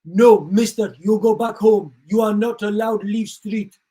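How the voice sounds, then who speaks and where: A woman's voice: medium pitch, unhurried, dark tone, natural voice. A woman putting on a stern foreigner in broken English. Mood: ordering. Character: stern foreign man blocking a street.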